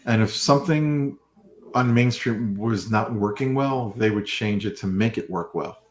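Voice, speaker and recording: A man's voice: on the low side, moderate pace, roomy sound. A man co-hosting a casual fan podcast, talking about the theme park with gushing enthusiasm. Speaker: podcast co-host. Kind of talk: casual chat.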